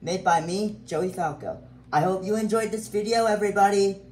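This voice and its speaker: A man's voice: high-pitched, moderate pace, darkish tone, slight background noise, low-quality recording. A man casually and eagerly introducing his own homemade fan video episode. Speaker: video creator.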